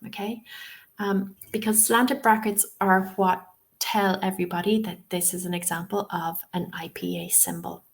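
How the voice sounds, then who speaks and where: A woman leading an online lesson as a teacher trainer, explaining patiently and often checking in with "okay?". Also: medium pitch. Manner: reassuring, frequent "um" and "okay?" check-ins. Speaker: TEFL trainer. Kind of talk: webinar lesson.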